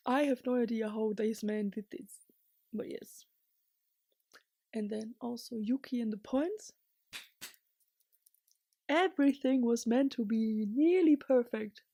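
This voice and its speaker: A young woman vlogs in a rambling, excitable way, laughing often and dropping to whispers before bursting into shouts. Her voice sits a little high and she talks at an unhurried pace. The sound is dry and close. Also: no room sound. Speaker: vlogger. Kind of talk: casual chatty recap.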